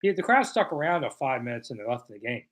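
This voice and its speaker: A man's voice: medium pitch, very animated, fast, fairly bright tone. A man in his sixties from the American South, hosting a casual live chat, reading viewer questions and answering with self-deprecating humor. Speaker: host.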